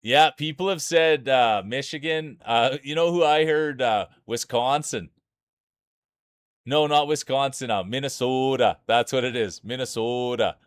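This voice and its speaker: A man's voice: medium pitch, measured pace, clear, resonant tone, no room sound, clean studio sound. A man from Saskatchewan with a thick Saskatchewan Canadian accent, giving playful, hype-man commentary on a live-streamed marble race.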